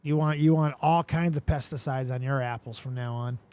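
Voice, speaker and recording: A man hosting a live stream, chatting casually, reading viewer comments aloud and swearing freely in an animated way. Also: mid-range voice, fairly quick, clear, resonant tone. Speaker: livestream host.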